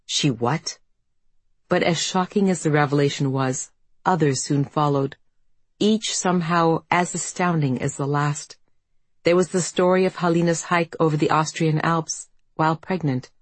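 A woman author reading her own book in a measured, reflective storytelling manner. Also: deep voice, dry recording. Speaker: author and narrator. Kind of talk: audiobook narration.

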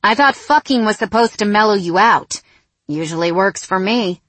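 A woman's voice: medium pitch, lively intonation, moderate pace, fairly bright tone, no room sound. A woman voicing a cocky young male football player who ribs his teammates. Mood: teasing. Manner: smirking, ribbing.

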